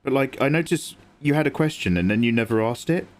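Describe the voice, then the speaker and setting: Expressive and fast, a young Englishman with a mid-range voice talks through his drawing on a livestream. He's chatty with his audience, reading and answering chat as he works.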